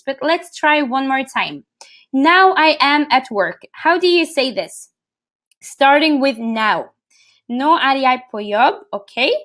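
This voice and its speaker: A woman's voice: high-pitched, fairly bright tone. A Norwegian-speaking woman teaching a live webinar lesson, patiently repeating phrases and calling on participants by name. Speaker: language teacher.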